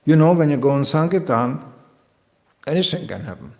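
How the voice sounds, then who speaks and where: A man giving a lecture on scripture, telling playful anecdotes and swinging between loud and soft. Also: on the high side, lively intonation, normal speed, creaky. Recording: lecture hall reverb.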